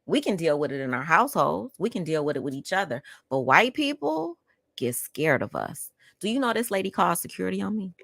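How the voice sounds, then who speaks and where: Lively, outspoken woman telling a story. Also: on the low side, brisk, gravelly, slight background noise. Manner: emphatic, addresses listeners directly; outspoken and heated. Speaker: podcast host. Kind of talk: personal storytelling monologue.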